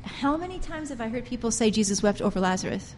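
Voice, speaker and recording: A woman preaching a sermon with passion, pressing her points hard and swinging between loud emphasis and quiet intensity. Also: a little high, expressive, fast, big-room sound, slight background noise. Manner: impassioned, emphatic, rises and drops sharply in loudness.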